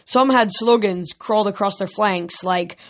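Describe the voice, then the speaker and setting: A woman's voice: mid-range voice, a little slow. A woman reading a novel aloud as an audiobook, with small slips and restarts. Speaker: reader.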